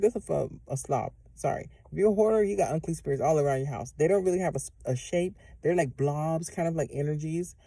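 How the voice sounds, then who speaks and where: Mellow-voiced woman giving rambling spiritual instructions. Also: fairly low pitch, dry recording. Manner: rambling, profane, many fillers and restarts. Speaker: spiritual vlogger. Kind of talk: casual instructional monologue.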